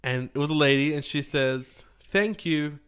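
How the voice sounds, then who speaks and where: A man's voice: mid-range voice, little pitch movement, moderate pace, fairly bright tone, clean tone. An Australian man co-hosting a podcast, telling stories in a rambling, casual way with many fillers. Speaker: podcast co-host. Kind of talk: casual chat.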